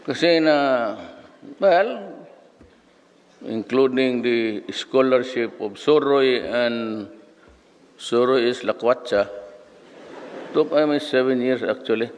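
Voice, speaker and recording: Brief: Filipino man in his seventies, slow and animated, speaking with long reverb in a large hall. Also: medium pitch, smooth. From Philippines. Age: 70s. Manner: code-switching, folksy, crude humor. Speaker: graduation speaker. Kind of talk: rambling anecdotal speech.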